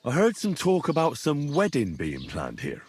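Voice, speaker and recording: Young male game protagonist, curious and plain-spoken, very animated intonation. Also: on the high side, normal speed, husky, exaggerated voice. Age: young adult.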